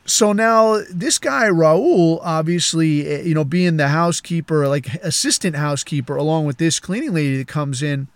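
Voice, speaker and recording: A male podcast host spins a long, crude yarn with lots of swearing, tangents and chuckles. His voice sits a bit on the higher side for a man. It is recorded dry and close on a podcast mic. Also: normal speed, hardly any pauses, no echo. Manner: profane, rambling, chuckling. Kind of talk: crude casual storytelling.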